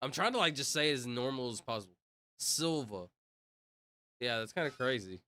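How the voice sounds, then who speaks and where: A man's voice: medium pitch, lively intonation, moderate pace, bright, forceful tone. A young man livestreaming, chatting casually with viewers in a rambling way full of fillers. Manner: rambling, talks to chat, many fillers.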